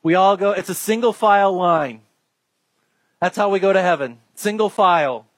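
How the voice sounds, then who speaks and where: A man's voice: high voice, normal speed, no echo. A man preaching a sermon as a pastor, emphatic and repeating his key phrases.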